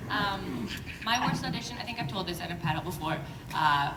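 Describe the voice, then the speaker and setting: A woman's voice: mid-range voice, expressive, fairly quick. A woman voice actor on a convention panel, chatting loosely about an audition with lots of "like". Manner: chatty, rambling with "like". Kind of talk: panel anecdote. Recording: roomy hall from far off with noise.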